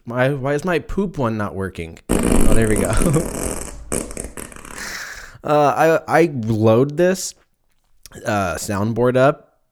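A young man in his twenties with a fairly low voice hosts his own podcast alone. He rambles from topic to topic, cracks jokes and swears casually. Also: darkish tone. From Southern California. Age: 20s. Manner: rambling, joking, swears freely. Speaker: podcast host. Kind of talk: casual solo podcast chat.

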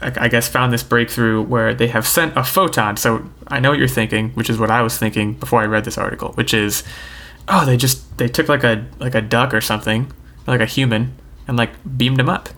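A man's voice: medium pitch, steady tone, brisk, sharp tone. Easygoing joking podcast host, a man. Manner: easygoing and jokey, with lots of hesitation sounds. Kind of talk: casual podcast chat.

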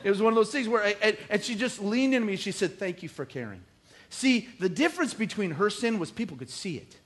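Middle-aged man, pastor delivering a lively sermon; fairly high voice, jokes, builds to loud bursts. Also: fairly quick. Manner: animated, joking preacher with rising emphatic bursts.

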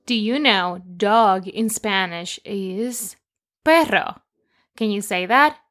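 A woman co-hosting a children's lesson, teaching simple Spanish words and telling playful jokes in a slow, cheerful voice. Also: medium pitch, a bit bright.

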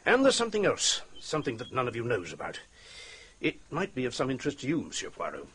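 An actor in a radio play voicing a gruff police captain who speaks in a brusque, matter-of-fact way. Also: male voice, medium pitch, wildly swooping pitch, fast, a bit bright, slight background noise.

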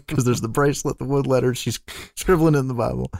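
A man's voice: medium pitch, normal speed, creaky, a little mellow, dry recording, studio quality. A man co-hosting a podcast, casually retelling a film plot, swearing freely and rambling with fillers. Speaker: podcast co-host. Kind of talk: casual chat recapping a film.

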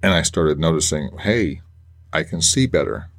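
A man hosting a faith podcast, talking earnestly and emotionally with halting restarts. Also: very deep voice, expressive, gravelly. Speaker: podcast host. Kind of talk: personal faith podcast monologue.

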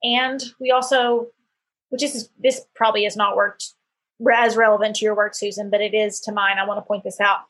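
A woman's voice: medium pitch, little pitch movement, fairly quick, a bit bright. A middle-aged woman hosting a podcast, chatting casually and telling personal anecdotes with lots of fillers. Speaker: podcast host. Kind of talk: casual conversational interview.

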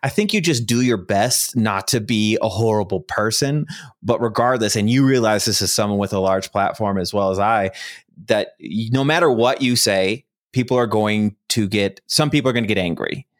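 A man's voice: on the low side, moderate pace. A man hosting a casual interview conversation, asking reflective, probing questions. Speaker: podcast host.

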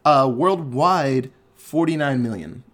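A man's voice: mid-range voice, measured pace, a bit bright. A man co-hosting a casual movie podcast, laid-back and swearing freely as he recaps the film. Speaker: podcast co-host. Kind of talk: casual movie review chat.

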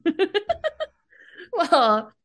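A woman's voice: very high voice, wildly swooping pitch, drawn-out words, fairly bright tone. Giggly woman co-hosting a podcast. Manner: giggly, laughs often mid-sentence. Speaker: podcast co-host. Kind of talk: casual chat recapping a TV episode.

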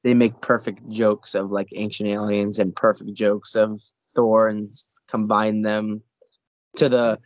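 A man's voice: fairly low pitch, level tone, measured pace, no echo, rough recording. A man chatting casually on a podcast, rambling and searching for words as he goes. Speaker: podcast co-host.

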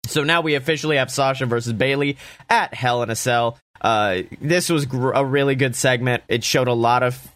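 A man recapping a wrestling show in a casual, enthusiastic way, swearing freely and throwing in quick asides. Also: mid-range voice, a bit bright, no echo.

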